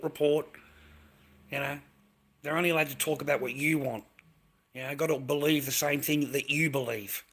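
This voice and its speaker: On a live stream, an Australian man rants aggressively, swearing, going over the same points and firing back at his chat. He speaks on the high side with a sharp tone.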